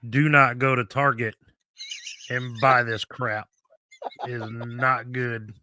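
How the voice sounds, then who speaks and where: A man of middle pitch with a bright, forward tone, giving eager opinions among friends. His voice is recorded close and dry, with no room sound. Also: flat delivery, slow, dry recording. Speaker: podcast co-host. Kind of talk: casual chat.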